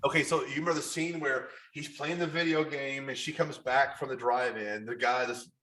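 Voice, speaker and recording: Brief: a man from Kentucky as a podcast guest, spinning loose, animated anecdotes with lots of "like". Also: medium pitch, brisk. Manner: animated storyteller, heavy use of "like" and "you know". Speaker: podcast guest, model photographer. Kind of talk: casual storytelling in an interview.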